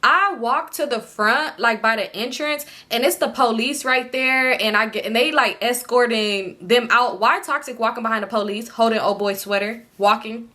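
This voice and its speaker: Animated young woman telling a story. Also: fairly high pitch, moderate pace, few pauses. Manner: animated, profane, acts out dialogue. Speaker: storytime YouTuber. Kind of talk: casual storytime.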